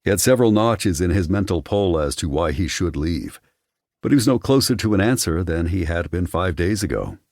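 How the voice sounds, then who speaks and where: A man giving measured, wry scripted narration of an audiobook on a close studio mic. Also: low-pitched, expressive, a little mellow, no room sound.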